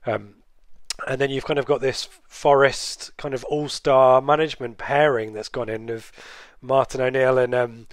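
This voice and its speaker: A man's voice: mid-range voice, little pitch movement, normal speed, no echo. Man hosting a casual football chat. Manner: steers the talk with questions. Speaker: podcast host.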